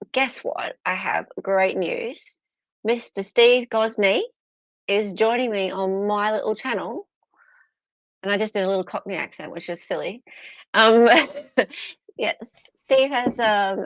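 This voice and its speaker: Gravelly Australian woman, chatty and dry-sounding. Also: medium pitch, animated, a little slow, fairly bright tone, no room sound. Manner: chatty, leans on tag questions. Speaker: co-host streamer. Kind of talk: casual live-stream chat. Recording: dull lo-fi stream audio.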